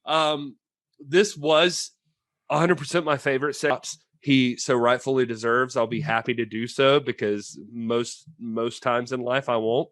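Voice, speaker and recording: A man's voice: medium pitch, a bit bright, no echo. A man co-hosting a film podcast, talking casually and chattily with many restarts and fillers. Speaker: podcast co-host.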